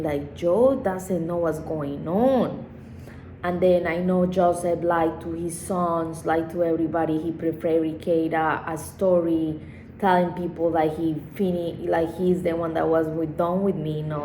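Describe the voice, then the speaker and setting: A woman's voice: lowish voice, a little mellow. A woman vlogger telling a personal story in a rambling, emotional way with frequent swearing. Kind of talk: casual storytime monologue. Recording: echoey room with faint background noise.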